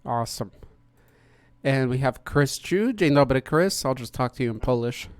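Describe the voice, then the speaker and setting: Smooth-voiced man hosting a podcast. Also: mid-range voice, lively intonation, normal speed, no room sound. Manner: chatty, greets each guest in turn. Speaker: podcast host. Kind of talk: casual hosted chat.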